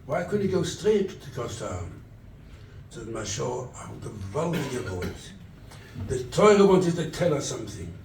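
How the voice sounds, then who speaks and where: A rabbi from England giving a sermon at a charity event, telling stories and acting out the dialogue. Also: male voice, mid-range voice, big pitch swings, moderate pace, background noise. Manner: storytelling, quotes scripture and acts out dialogue. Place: event hall. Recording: echoey room, distant mic.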